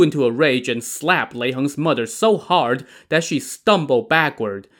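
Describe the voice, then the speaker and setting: A man telling an old story in a relaxed, casual way. He drops in wry, sarcastic asides and keeps his voice at a middling pitch. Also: measured pace, few pauses. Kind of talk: casual narration of a classic tale.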